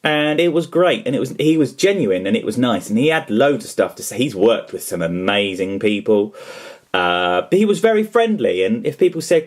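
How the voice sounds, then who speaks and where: A man chatting casually to camera in a vlog, his voice sitting at an ordinary middle pitch. He rambles and jokes at his own expense. His enthusiasm for making things comes through as he talks about his hobby. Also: sing-song, normal speed, a little mellow. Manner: rambling, self-deprecating, enthusiastic. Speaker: toy customiser and vlogger.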